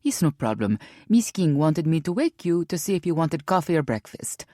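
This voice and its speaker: A woman voicing a calm, polite female housekeeper with a Brazilian accent, formal and composed. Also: low voice, moderate pace, dry recording, studio quality.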